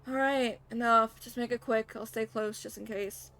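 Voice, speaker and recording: A woman's voice: a little high, level tone, brisk, gravelly, darkish tone. A woman doing a curt vampire man. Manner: curt and dismissive. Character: impatient, gruff male vampire companion.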